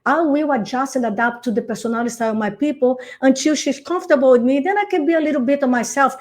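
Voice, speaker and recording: Animated woman. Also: high-pitched, fast talker. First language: Portuguese. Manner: animated, acts out phone calls, says darling. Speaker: real estate coach. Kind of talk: podcast interview.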